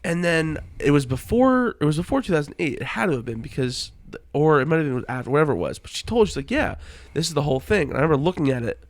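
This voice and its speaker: A young man co-hosting a casual sports podcast, insistent and excitable as he tells a story. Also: on the high side, fast. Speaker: podcast co-host.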